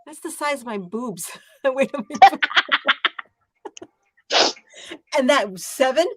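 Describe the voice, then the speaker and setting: A woman's voice: sits high, animated, slow, no echo. A woman hosting a casual live chat while crafting, giggly and teasing, laughing often. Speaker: livestream host.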